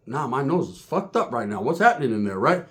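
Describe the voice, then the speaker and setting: A man's voice: medium pitch, very animated, fairly quick. A man telling a crude prison story, swearing freely and acting out the other people's voices. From California. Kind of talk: profane storytelling monologue.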